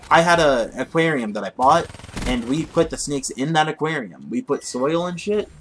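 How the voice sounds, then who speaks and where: A man's voice: a little high, lively intonation, moderate pace, a bit bright, a little hiss or hum. A young man casually telling a rambling, profane story while commenting on his gameplay. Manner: rambling, profane, easily distracted by the game.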